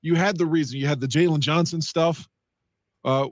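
A man's voice: fairly high pitch, fairly even intonation, normal speed, no echo. A man co-hosting a casual sports podcast, talking through games in a wry, conversational way. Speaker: podcast co-host.

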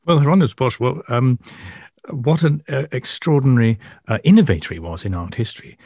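A man's voice: mid-range voice, animated, brisk, a little mellow, breathy edge, no echo, clean studio sound. A man co-hosting an art podcast, wry and self-deprecating in conversation. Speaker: podcast co-host. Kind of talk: casual chat.

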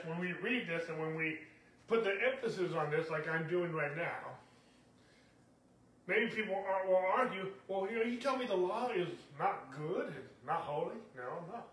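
A man preaching a sermon, his voice pitched high for a man. He presses his points with repetition and keeps checking in with the listeners. The sound is roomy and echoey, as if picked up from some distance away from the mic. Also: a bit bright. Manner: emphatic, repetitive preaching with many "okay?" asides. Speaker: pastor.

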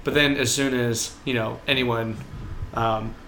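A young man with a bright, forward voice talks through a casual podcast chat, leaning on fillers like "like" and "you know." A faint hiss sits under the recording. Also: mid-range voice, steady tone, measured pace. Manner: loose, filler-heavy talk with quoted voices. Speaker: podcast co-host.

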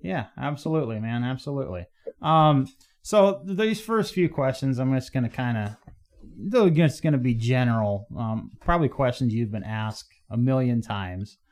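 Male podcast host, chatty and rambling, mid-pitched. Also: expressive, normal speed, darkish tone. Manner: rambling, searches for words. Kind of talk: casual interview conversation.

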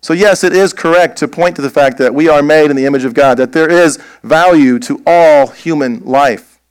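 A man preaching a sermon as pastor, slow and emphatic, posing rhetorical questions. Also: a little high, clear, resonant tone, no room sound.

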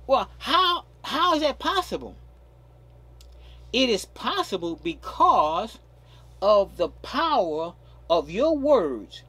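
A man's voice: high-pitched, big pitch swings, slow, long pauses, pushed and bright, slightly rough. A man preaching a sermon, stressing key words and stretching them out, often repeating himself. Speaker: pastor.

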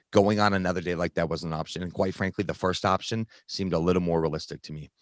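A man with a very deep voice tells a painful personal story in conversation. He speaks earnestly, stopping and restarting often. The recording is dry, with no room sound. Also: fairly even intonation, no room sound. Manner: earnest, halting, many restarts and fillers. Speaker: guest sharing recovery story.

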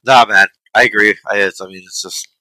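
A man co-hosting a casual movie-review podcast, talking in halting, slangy bursts with repeated words. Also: on the low side, steady tone, pushed and bright, no echo, rough recording. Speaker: podcast co-host.

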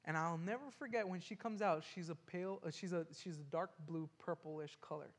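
A man with a fairly high voice tells a personal story in an earnest, halting way, often stopping and starting over. His words ring out with a long hall echo. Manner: halting and earnest, with frequent restarts and repeated words.

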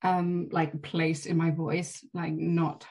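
A woman's voice: deep voice, level tone, slow pace, darkish tone. A woman actor chatting as a podcast guest, telling stories from filming with light laughter. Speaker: actress guest. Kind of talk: casual podcast interview.

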